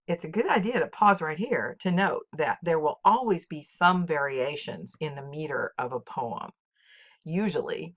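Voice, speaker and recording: A woman teaching, reading a scripted poetry lesson in a clear, measured way and reciting poems with marked rhythm. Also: sits low. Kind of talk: scripted educational narration.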